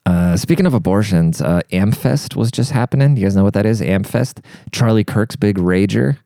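A man's voice: lowish voice, moderate pace, creaky, warm tone, no room sound, clean studio sound. A young man telling a crude, rambling comedic rant, heavy on swearing and fired up. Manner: profane, rambling, fired-up, says dude a lot. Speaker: monologue speaker.

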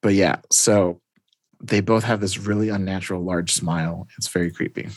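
A man's voice: deep voice, fairly even intonation, moderate pace, no room sound. A man hosting a podcast, casually recapping a comic story with frequent "like"s and restarts. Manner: rambling, many "like"s and restarts. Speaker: podcast host.

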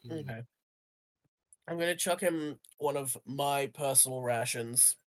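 A man's voice: medium pitch, no room sound. A man playing in a tabletop game, asking questions and cracking jokes. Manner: joking, quick in-character quips. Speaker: player. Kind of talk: casual tabletop play.

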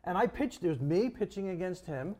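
An older man from Long Island with a slightly raised pitch. He tells his stories in an easy, conversational way and drops dry jokes along the way. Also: animated, brisk, mellow. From Long Island, New York. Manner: dry joking storyteller. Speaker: co-host. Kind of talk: casual reminiscing chat.

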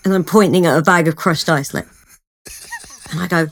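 A woman guest on a podcast, telling stories in an animated, giggly way during casual chat. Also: on the low side, moderate pace, long pauses.

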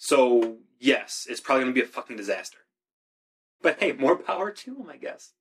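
A man's voice: medium pitch, very animated, a little fast, a bit bright, husky. Laid-back man in casual chat. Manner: laid-back, swears casually, many fillers.

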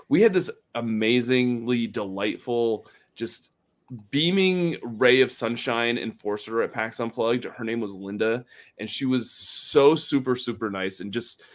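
Guy on a podcast telling a funny story, laughs a lot, middle pitch. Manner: animated storyteller, lots of restarts and laughter. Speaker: podcast host. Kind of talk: casual chat, storytelling.

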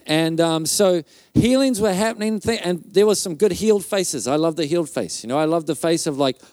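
A male pastor preaches at a conference, telling a story in a loose, chatty way. He fills his telling with restarts and little mouth sound effects. His voice sits a bit high, and the sound is dry and close. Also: fairly quick, darkish tone, no room sound.

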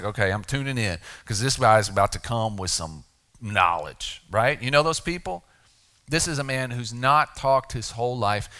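A middle-aged male pastor delivers a sermon in an easy, talking-to-you manner. His voice is bright and forward at a mid pitch. He slows down and drops low for the weighty moments. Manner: conversational preaching with dramatic pauses.

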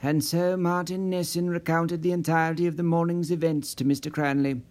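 A man reading a story in steady, measured scripted narration. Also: on the high side. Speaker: audiobook narrator.

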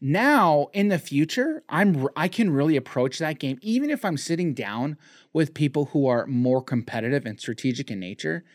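A man's voice: on the high side, animated, moderate pace, no room sound, clean studio sound. A man co-hosting a casual podcast, talking in loose rambling sentences full of restarts and fillers. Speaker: podcast co-host.

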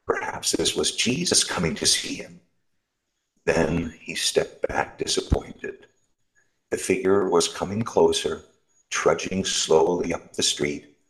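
Deep, gravelly male storyteller. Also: rough recording. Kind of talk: reading a Christmas story aloud.

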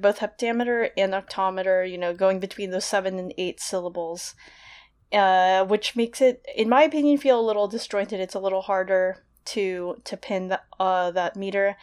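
A young woman talks through a literary analysis in a casual, thoughtful way. She explains as she goes, circling back with fillers and restarts. Her pitch sits in the middle of the range for a woman. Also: darkish tone. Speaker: podcast co-host discussing literature.

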